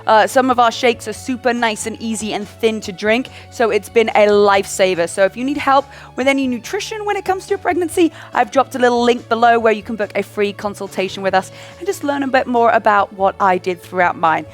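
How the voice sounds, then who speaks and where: A pregnant woman leading a gentle stretching workout, cueing breaths and counts in a calm, encouraging way. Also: on the high side, fairly quick, few pauses. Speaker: fitness instructor. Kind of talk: guided prenatal workout instruction. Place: home workout space, indoors. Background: soft background music.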